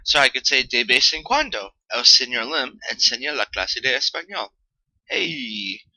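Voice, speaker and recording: A male teacher walks students through a vocabulary list in an easygoing, joking way, checking in with "okay?" after nearly every point. His voice is piercingly bright and edgy, recorded close and dry with no room sound. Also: mid-range voice, animated, moderate pace, no echo, low-quality recording. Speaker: Spanish teacher. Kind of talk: recorded classroom vocabulary lesson.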